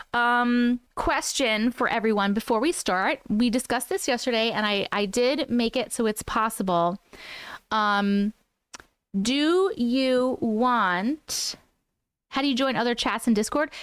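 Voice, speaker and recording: A woman's voice: on the high side, clear, resonant tone, no room sound. A woman in her thirties hosting a casual live stream, chatting with viewers and laughing often.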